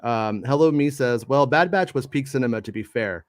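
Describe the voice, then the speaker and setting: A man's voice: mid-range voice, normal speed, no echo, studio quality. Stammering man hosting a casual chat show. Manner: rambling, stammering restarts, self-deprecating. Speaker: live show host reading chat comments. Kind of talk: casual live-stream chat.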